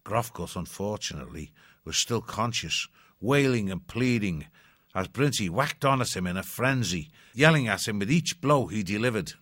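A man reading a children's adventure novel aloud in a measured, expressive way. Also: on the low side, no echo, clean studio sound. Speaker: narrator. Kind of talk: audiobook narration.

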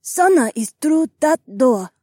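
A man doing a slow, high, stilted alien woman. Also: animated, mellow, no echo, clean studio sound. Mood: cautious, formal. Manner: stilted broken English, slow and careful. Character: tall cautious alien woman, formal and literal. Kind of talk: audiobook character voice.

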